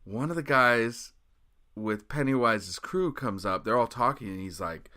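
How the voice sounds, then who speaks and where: With a fairly low, expressive voice at normal speed and a sharp edge, this male musician guest tells an animated story. He voices the characters himself and keeps breaking into shrieks and laughs.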